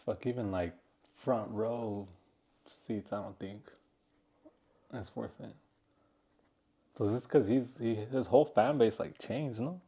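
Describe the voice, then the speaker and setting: A man co-hosting a casual podcast, his voice low and mellow. He talks in a laid-back, rambling way and swears freely. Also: slow, long pauses, husky. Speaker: podcast co-host. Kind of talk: casual chat.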